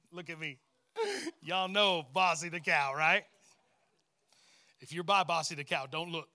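Middle-aged guy preaching a sermon, super bright sharp voice, keeps calling out to the crowd. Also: on the high side, a little slow. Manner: animated, storytelling preacher calling out to the congregation. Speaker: pastor.

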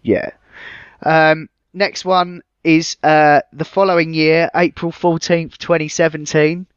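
A man co-hosting a casual film podcast, relaxed and hesitant, often pausing with uh and um. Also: a little high, clean tone, dry recording, lo-fi sound. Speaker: podcast co-host.

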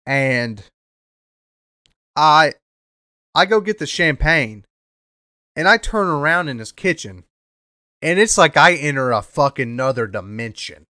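Profane rambling young man, bright dry voice. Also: a little high, expressive, unhurried, pauses often, no room sound. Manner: profane, rambling, repeats himself, bursts into loud rants. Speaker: podcast host. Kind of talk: casual storytelling monologue.

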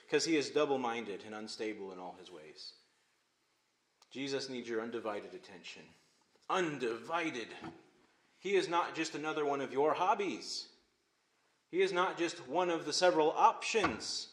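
A male pastor preaching a sermon, swinging between emphatic loud phrases and hushed, quiet ones. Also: on the high side. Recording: echoey room.

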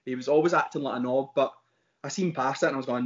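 A man's voice: mid-range voice, quick pace. A man with a Glaswegian accent chatting casually as a podcast co-host, rambling and bantering with a friend. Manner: rambling, bantering, self-interrupting. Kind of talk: casual chat. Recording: dull lo-fi recording.

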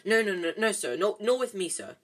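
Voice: medium pitch, lively intonation, moderate pace, lightly acted. A reader voicing an oily, fawning male shopkeeper who bows to a rich customer. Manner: oily, bowing and scraping.

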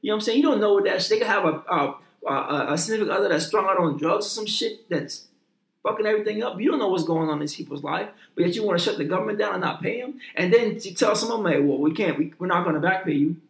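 A man talks in heated casual chat, swearing freely and hammering his points by repeating and restarting his words. His voice sits high for a man. The sound is roomy, with plenty of echo around him. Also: fast, gravelly. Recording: roomy echoing room.

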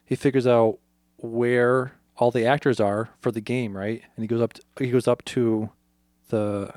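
A man's voice: mid-range voice, normal speed, no room sound, clean studio sound. A man co-hosting a podcast, casually retelling a film's plot in detail and acting out the characters' lines with plenty of swearing. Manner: animated storyteller, acts out quotes, swears freely. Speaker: podcast co-host.

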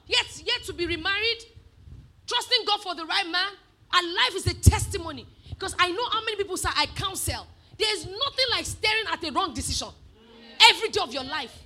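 A woman preaching a sermon, animated, moving from soft asides to shouted emphasis. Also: very high-pitched, fast, slight background noise.

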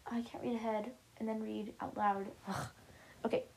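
A woman with a fairly high voice reads aloud from a little storybook she wrote herself. She talks in a loose, chatty way, trips over words, backs up to fix them and drops in side comments to her listeners. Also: fairly even intonation, normal speed, darkish tone, husky. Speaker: storyteller reading her own book. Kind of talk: casual read-aloud of a self-written story.

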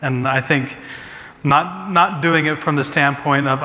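A man's voice: on the high side, a little slow, bright, forceful tone. A man preaching as pastor, earnest, often restarting and repeating his phrases as he speaks. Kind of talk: sermon with congregation Q&A. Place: church sanctuary. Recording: long church hall reverb, faint ambience.

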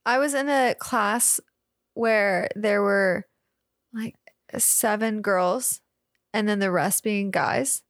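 A woman's voice: mid-range voice, slow, fairly bright tone, no room sound, studio quality. A young woman co-hosting a podcast in casual chat, playful and given to acting out quotes. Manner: playful, acts out quotes in big voices. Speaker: podcast co-host.

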